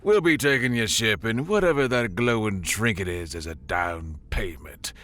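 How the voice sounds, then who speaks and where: A man's voice: lowish voice, lively intonation, moderate pace, a bit bright, pitched above the performer's own voice. A man voicing a greasy male space pirate captain who talks with false good cheer over a tinny comms line. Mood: mocking. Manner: falsely jovial, mocking. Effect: tinny comms radio.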